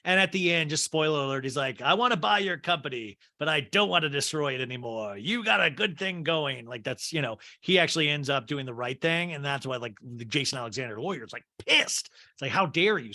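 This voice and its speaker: A bright, slightly high-voiced man from Kansas hosts a casual comedy podcast. He rambles through the plot and slips into quick impressions of the characters. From Kansas, USA. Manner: rambling storyteller who acts out characters' lines. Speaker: podcast host. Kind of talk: casual podcast chat recapping a movie.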